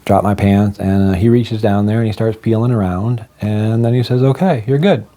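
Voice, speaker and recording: A man's voice: fairly low pitch, level tone, normal speed, mellow. A man telling a personal story in a casual vlog, with wry, self-deprecating humor.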